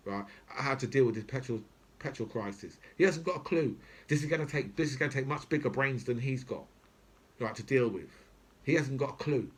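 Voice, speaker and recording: A British man hosting his own channel, giving an angry, profane political rant to camera and tagging "right?" onto his lines. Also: mid-range voice. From Britain. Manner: profane, repetitive, keeps asking "right?". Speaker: channel host.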